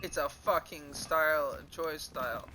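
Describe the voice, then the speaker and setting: A man's voice: on the high side, a little slow, sharp tone, a little hiss or hum, rough recording. A man telling a rambling, profane story during a casual livestream, sounding exasperated. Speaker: streamer.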